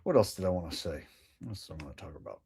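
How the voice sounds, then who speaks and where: A low, gravelly, husky man's voice with a darkish tone races along in an animated way. He hosts a live stream, rambling across topics and firing sarcastic comments at the chat.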